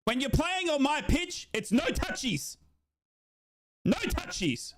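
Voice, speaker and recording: A man putting on the voice of a fussy, prim male football referee who scolds players in a drawn-out, prissy tone. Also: extremely high pitch, very animated, background noise, voice pushed up, heavily acted. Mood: scolding.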